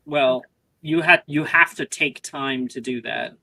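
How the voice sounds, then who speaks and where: A man narrating as game master of a tabletop game in a relaxed, chatty way with many fillers. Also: medium pitch, measured pace, gravelly, poor audio.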